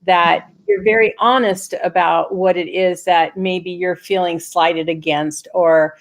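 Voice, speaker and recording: Gravelly-voiced woman hosting a talk show. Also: on the low side, steady tone. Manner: earnest, thinks aloud in rushed bursts with restarts. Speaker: host. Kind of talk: reflective conversational interview.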